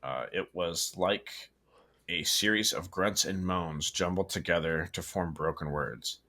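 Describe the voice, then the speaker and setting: A man's voice: sits low, a little slow, bright, forceful tone. A man casually reading a horror story aloud, stumbling, correcting himself and adding asides. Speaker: story reader and co-host.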